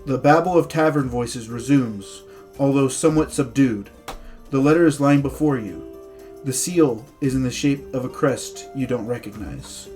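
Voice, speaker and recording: A man's voice: mid-range voice, moderate pace, a little mellow, soft background music. A young man narrating a tabletop game as game master, reading scene text with small stumbles.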